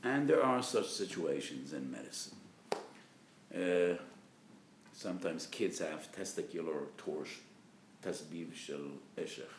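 A man, a rabbi, giving a spirited lecture on religious law, hitting key terms with loud emphasis and acting out quoted speakers. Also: deep voice, lively intonation, measured pace, pauses often, reverberant, a little hiss or hum. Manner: acts out patients and doctors in quoted voices.

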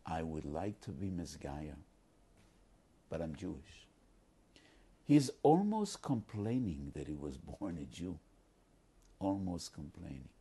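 A man's voice: deep voice, big pitch swings, takes it slowly, long pauses, dark tone, husky. A man teaching the weekly Torah portion as a rabbi, speaking earnestly and emphatically and weaving Hebrew quotes into English. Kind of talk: Torah lesson sermon.

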